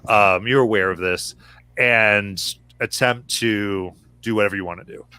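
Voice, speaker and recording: A man runs a tabletop game as game master, explaining options and rulings in a relaxed, halting way, with many fillers. His voice is bright and forward, recorded close and dry. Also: fairly low pitch, clear, resonant tone, no echo, rough recording.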